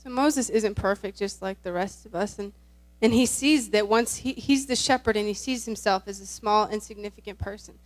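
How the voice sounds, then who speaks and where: A woman's voice: mid-range voice, moderate pace, dry recording. A woman giving an earnest sermon-style talk at a church concert, retelling a story.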